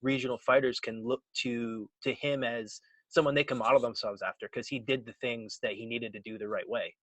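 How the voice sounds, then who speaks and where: A man hosting a casual interview, summing up the guest's points in a relaxed, thoughtful way. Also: mid-range voice, fairly quick, no room sound, poor audio. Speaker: interview host.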